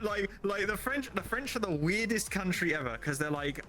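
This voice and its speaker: A man's voice: high-pitched, brisk, hardly any pauses, a bit bright, faint music behind. A young man chatting casually on a stream, opinionated and swearing. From United Kingdom. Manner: opinionated, swears, mocks with put-on voices. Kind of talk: casual chat.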